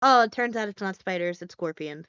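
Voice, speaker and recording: A woman's voice: mid-range voice, expressive, a little fast, fairly bright tone, smooth, dry recording, highs cut off. A woman co-hosting a podcast, recapping a film in a casual, rambling way full of fillers and dry asides. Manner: rambling, filler-heavy, wry. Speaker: podcast co-host.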